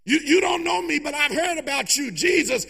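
A man voicing a desperate blind male beggar who cries out, pleading and yelling. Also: huge pitch swings, brisk, husky, long reverb tail, exaggerated voice. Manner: yelling, pleading, high-pitched.

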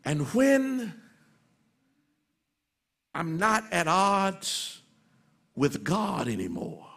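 A man preaching a sermon as pastor, swinging from soft, low passages to loud, shouted refrains. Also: wildly swooping pitch, very slow, gravelly.

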